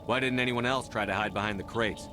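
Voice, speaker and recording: A blunt male commander voiced by a man with a low voice, rattling off hard questions at a quick pace. Game music runs underneath. He stays firm and in control. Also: steady tone, natural voice. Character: commanding male military officer, blunt interrogator. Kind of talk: video game voice acting. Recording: game audio with music behind.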